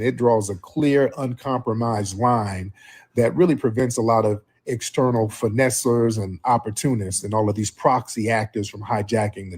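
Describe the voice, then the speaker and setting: Husky male host, combative and preachy, stream commentary. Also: medium pitch, a little mellow. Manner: preachy, combative, calls in viewers.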